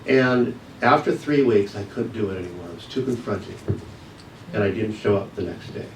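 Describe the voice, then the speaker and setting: A man's voice: lowish voice, a little hiss or hum. Man telling a story in an echoey hall. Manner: storytelling with pauses and soft laughs. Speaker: guest speaker, yoga teacher. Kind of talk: personal story in a church message. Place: church sanctuary. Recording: echoey hall, mic from a distance.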